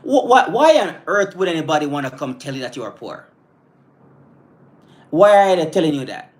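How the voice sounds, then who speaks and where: A man's voice: fairly high pitch, animated, normal speed. Earnest man giving a motivational live stream. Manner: earnest, repeats and restarts words while thinking; breaks off to greet live viewers.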